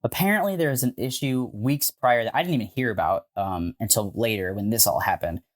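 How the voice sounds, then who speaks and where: Guy on a podcast rambling through a story, swears a lot, says like constantly, mid pitch. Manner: animated, swearing, frequent "like" and "um". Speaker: podcast co-host.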